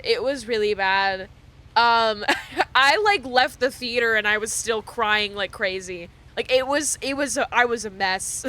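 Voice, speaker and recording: Young woman streamer, casual chat, bright and slightly high, laughs a lot, swears. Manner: animated, laughing often, swearing freely.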